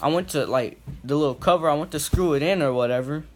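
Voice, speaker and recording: A young man telling a story in a loose, rambling way, leaning on "like" and "boom" as fillers. His voice sits a bit high for a man. He jumps from loud to hushed as he acts scenes out. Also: fast, slight background noise. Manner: swings from loud to quiet when acting out scenes. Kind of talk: casual story time.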